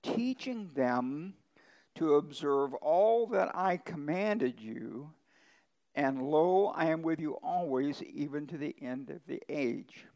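A pastor delivers a conversational sermon, leaning on homespun ranch stories. His voice sits a little high for a man and carries a gravelly edge. He jumps up in pitch to stress a point, then drops low and quiet. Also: animated, slow pace, low-quality recording. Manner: conversational preaching with folksy ranch stories, emphatic pitch swings.

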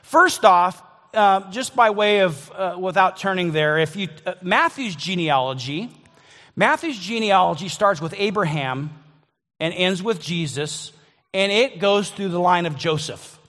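A man's voice: high voice, animated, unhurried, bright, forceful tone, in a large hall. A man preaching a sermon in a conversational way, often restarting and repeating words as he thinks aloud. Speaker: pastor.

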